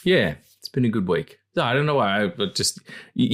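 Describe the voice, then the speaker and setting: A man co-hosting a podcast, rambling in casual chat, swearing freely and acting out quotes in squeaky voices. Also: animated, fairly quick, a bit bright. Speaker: podcast co-host.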